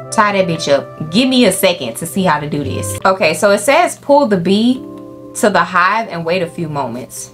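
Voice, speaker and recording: Profane, animated young woman gamer. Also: fairly low pitch, normal speed. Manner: animated, profane, talks to the game animals and viewers. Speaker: gaming YouTuber. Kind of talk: casual let's-play commentary. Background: faint game music.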